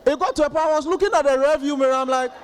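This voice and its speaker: A Ghanaian man in his thirties performs stand-up comedy in an unusually high voice. He tells his stories with animation and acts out other people's outbursts. A faint hiss sits under the recording. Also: racing.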